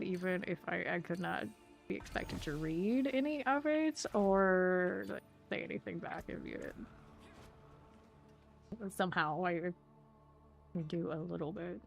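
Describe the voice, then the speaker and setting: A woman, chatting casually while streaming a video game, chatty and quick to laugh. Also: medium pitch, gravelly, faint music behind. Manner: chatty, laughs often, trails off. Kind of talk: casual chat while gaming.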